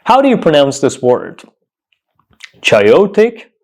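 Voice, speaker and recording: Man teaching english pronunciation, lively pitch, slow careful repetition, questions to the viewer. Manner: repeats each word slowly and clearly, asks the viewer questions. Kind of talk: pronunciation lesson.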